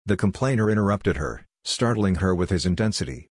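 Deep, husky male narrator. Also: expressive, fairly quick, darkish tone, no echo, studio quality. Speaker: audiobook narrator. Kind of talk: steady story narration.

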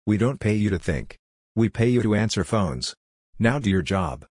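A dismissive young male assistant talks down to everyone in clipped, smug sentences, as a male reader puts him on. The voice sits low and husky. It is recorded close and dry. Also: lively intonation, normal speed, a little mellow, no echo. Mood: curt. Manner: curt and condescending.

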